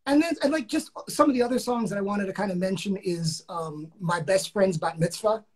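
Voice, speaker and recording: An enthusiastic man with a slightly husky voice praises the songs and the team. He talks casually on a podcast, often restarting his sentences. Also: sits high, low-quality recording. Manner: enthusiastic, halting with many restarts. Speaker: show creator guest.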